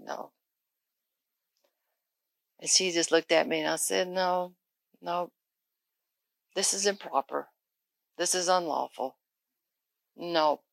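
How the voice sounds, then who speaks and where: A woman pastor telling a testimony in a sermon, going hushed and intense in the story, then lifting into preaching. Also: low-pitched, creaky, dry recording.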